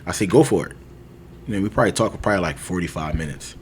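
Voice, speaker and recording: Speaking very fast in a deep voice, this young podcast co-host spins a long personal story in loose, casual chat, packed with fillers like "like" and "you know," and frequent laughter. There's slight background noise.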